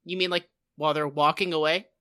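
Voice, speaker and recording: Laughing, bright woman co-host. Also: deep voice, fairly even intonation, brisk. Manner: laughs often, profane, slips into mock accents. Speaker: podcast co-host. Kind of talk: casual comedic chat.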